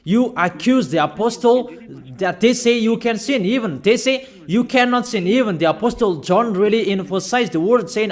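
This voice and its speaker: A man preaching a sermon, insistent and repeating phrases slowly for emphasis. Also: sits high, lively intonation.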